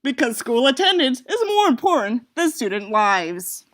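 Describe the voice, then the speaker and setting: A woman's voice: high voice, very animated, normal speed, fairly bright tone. Sarcastic woman reading aloud. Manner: sarcastic, swearing asides. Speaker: audiobook reader.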